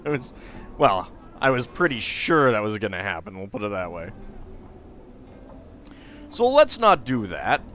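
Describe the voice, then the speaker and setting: A man giving casual, rambling let's play commentary, full of halting restarts. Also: fairly low pitch, sing-song, a bit bright, a little hiss or hum. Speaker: game streamer.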